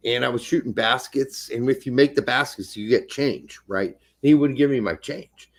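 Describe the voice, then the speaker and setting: A middle-aged man and podcast co-host, telling a story in profane, animated casual chat. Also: mid-range voice, normal speed.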